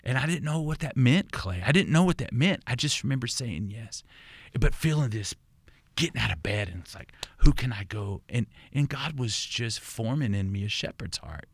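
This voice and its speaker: An older pastor with a Texan accent speaks as a podcast guest, earnest and reflective, often restarting and repeating words as he goes. His voice sits at an ordinary pitch for a man. The sound is close and dry, as from a studio mic. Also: expressive, moderate pace, breathy edge, dry recording. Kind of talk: conversational storytelling.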